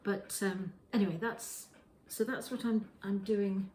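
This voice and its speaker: At a measured pace, her medium-pitched, mellow voice stays fairly even in intonation. She hosts a knitting podcast from her kitchen, chatting through show-and-tell in a rambling way and often correcting herself. The rough recording sounds roomy, with a little hiss or hum.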